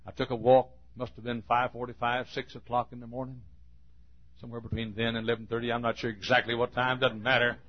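A man preaching a sermon, telling a folksy story and building to emphatic, forceful points. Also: mid-range voice, little pitch movement, fast talker, muffled recording.

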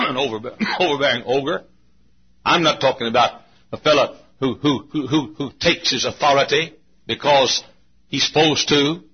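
Husky folksy preacher. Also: male voice. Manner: folksy, swings from low asides to shouting. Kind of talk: sermon. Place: church. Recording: muffled lo-fi recording.

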